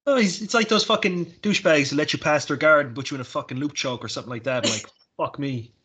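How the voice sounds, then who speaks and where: A man's voice: a little high, sharp tone, husky. Sweary man ranting on a podcast. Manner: sweary, ranting, quick to laugh. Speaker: podcast host. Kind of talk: casual chat.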